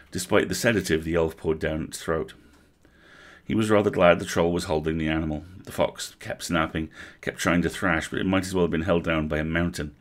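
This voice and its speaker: A man reading a storybook aloud on a livestream, with vivid, animated narration. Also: low voice. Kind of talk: expressive book reading.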